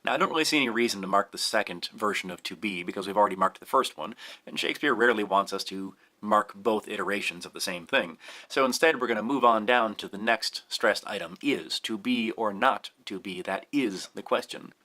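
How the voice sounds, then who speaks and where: Bright-voiced male teacher. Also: lowish voice. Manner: clear, deliberate, emphasizing key words. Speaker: Shakespeare teacher. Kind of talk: explanatory lesson.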